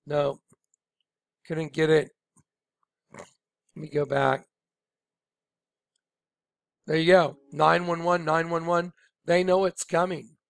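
Gravelly-voiced man giving emphatic commentary. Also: on the high side, no echo, clean studio sound. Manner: emphatic, rambling, repeats himself. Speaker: online video presenter. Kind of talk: casual commentary over on-screen images.

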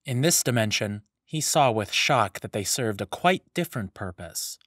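A man narrating a fantasy story serial in a measured, even storytelling manner, close to the mic. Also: fairly low pitch, no room sound. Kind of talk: scripted audiobook narration.

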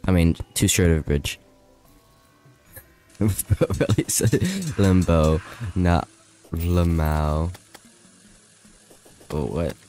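A man's voice: deep voice, fairly even intonation, very slow, long pauses, a little mellow, soft background music. A man streaming a video game live, chatting loosely with viewers, often panicking and laughing. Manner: panicky, laughing, rambling to chat.

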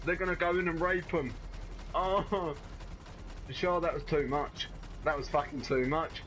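A woman's voice: low voice, steady tone, unhurried, rough recording. A woman playing a game with a friend, screaming, swearing and laughing nonstop. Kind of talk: chaotic gameplay chat. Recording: game noise under the voice.

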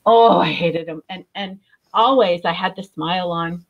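A middle-aged woman, a guest author in recovery, telling her story candidly, blunt and animated, swearing freely. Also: fairly low pitch, moderate pace, muffled recording.

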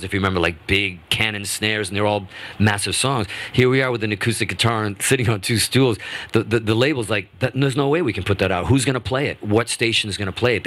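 Low-pitched male guest musician, chatty radio storyteller who restarts his sentences a lot. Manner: rambling, animated anecdotes with restarts. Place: radio studio.

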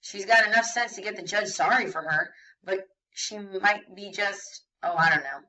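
A woman's voice: medium pitch, normal speed, bright, forceful tone, highs cut off, close to an everyday voice. A woman reading the part of a thoughtful young boy who answers hesitantly. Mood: musing. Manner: hesitant, musing.

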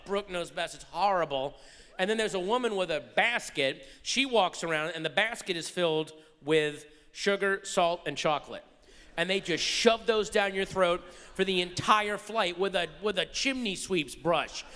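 A man performing a stand-up comedy routine on stage, animated, swinging between muttered asides and shouted rants. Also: fairly high pitch. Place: large theater stage before a live audience. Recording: live hall recording with reverb.

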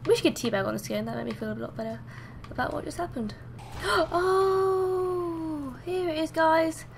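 A young woman giving let's-play commentary, excitable and swearing loudly at the game. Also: on the high side, quick pace, creaky, a little hiss or hum. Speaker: gaming streamer.

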